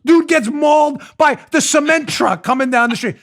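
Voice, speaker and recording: Loud, sarcastic male talk host. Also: extremely high pitch, moderate pace, few pauses. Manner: sarcastic, mocking, swings into loud theatrical ranting. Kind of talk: opinionated political talk show.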